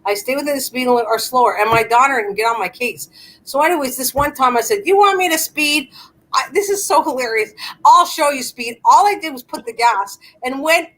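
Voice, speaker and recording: Older woman host from Canada, high pitch, casual rambling storyteller. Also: animated, quick pace, fairly bright tone, low-quality recording. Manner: chatty storyteller, laughs often. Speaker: livestream host chatting with viewers. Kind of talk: casual live chat.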